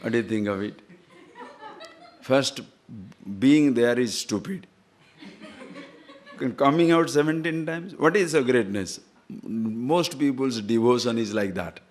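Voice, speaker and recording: This spiritual teacher talks at a measured pace with frequent pauses, his medium-pitched voice lively in intonation. Throughout the discourse he tells stories, chuckles, and asks his listeners rhetorical questions.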